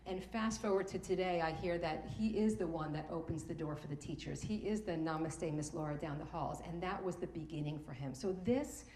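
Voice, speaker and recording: Middle-aged woman, mellow, earnest storyteller, emotional, echoey room. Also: fairly low pitch. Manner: heartfelt, emotional, repeats words when moved. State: tearful at times. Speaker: speaker at a morning talk event. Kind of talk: personal storytelling talk. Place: event room.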